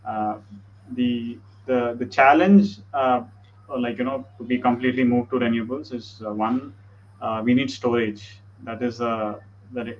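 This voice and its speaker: This man talks in an earnest way, with lots of fillers. He comes through dull, lo-fi video call audio with faint noise behind him. His pitch sits in a middle range. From India. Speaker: panel guest. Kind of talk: discussion.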